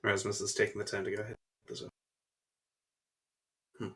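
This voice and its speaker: A man playing a tabletop role-playing game, describing his ooze character's actions in a halting way with many fillers. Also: lowish voice, level tone, a bit bright. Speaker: player.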